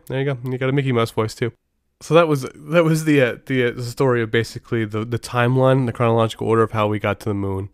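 A man's voice: mid-range voice, fast, dry recording, studio quality. Brief: middle-aged male podcast host, casual and rambling, clean resonant voice. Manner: rambling, many restarts and asides.

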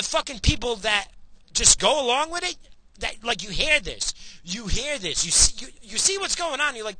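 A man's voice: high-pitched, moderate pace, slightly rough. A man delivering a profane, heated political rant, worked up and swearing often. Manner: profane, heated, ranting then calmer.

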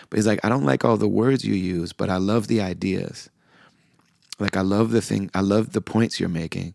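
A middle-aged man hosting a podcast, softly telling a heartfelt personal story with quoted dialogue. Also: fairly low pitch, steady tone, fairly quick, gravelly, no echo, clean studio sound. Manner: soft-spoken, heartfelt, with frequent fillers and quoted dialogue. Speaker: podcast host.

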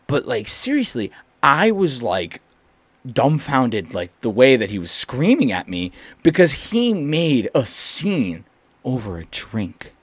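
A young man chats about his work in fast food, acting out angry customers with a voice that rises and falls a lot. The sound is dry and close. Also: mid-range voice, no room sound. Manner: animated storyteller acting out customers. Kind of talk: casual chat.

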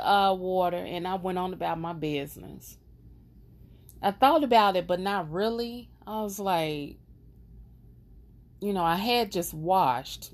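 A woman hosting her own podcast, telling a personal story in an emotional, expressive, casual way. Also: medium pitch. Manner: casual, conversational. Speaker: podcast host.

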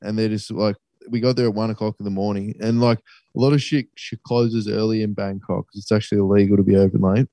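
A man's voice: on the low side, fairly even intonation, quick pace, mellow, no room sound. A young Australian man telling a travel story in casual, sweary chat. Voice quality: sweary, laid-back storytelling.

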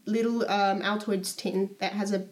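A woman's voice: medium pitch, level tone, normal speed. A young woman co-hosting a casual chat, reading old diary entries aloud in a playful, teasing way.

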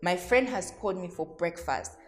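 A woman's voice: on the low side, expressive, normal speed, faint music behind. A woman hosting a solo podcast, speaking candidly and reflectively to her listeners, addressing them directly and laughing at herself. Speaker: podcast host.

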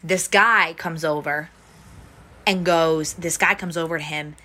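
A young adult woman recounts a night out in loose, chatty storytelling, full of restarts and "like" fillers. Her voice sits low, yet it has a bright, forward edge. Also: fairly even intonation, a little slow. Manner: rambling, heavy use of "like" fillers, restarts. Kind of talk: casual storytelling chat.

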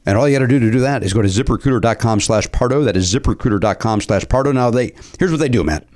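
A man's voice: medium pitch, fast talker, darkish tone. A man hosting a comedy podcast, joking and teasing himself as he stumbles over words during banter and ad reads. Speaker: podcast host.

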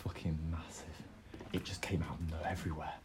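A man's voice: very deep voice, level tone, fairly quick, heavy background noise. A man, narrating as game master in a casual, laughing way full of fillers.

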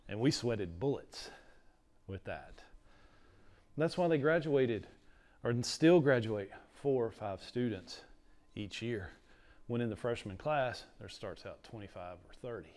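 A man's voice: lowish voice, expressive, slow pace, pauses often, a little mellow. A middle-aged man, teaching a class in a casual, rambling lecture full of stories. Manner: chatty, storytelling, uses "like" a lot.

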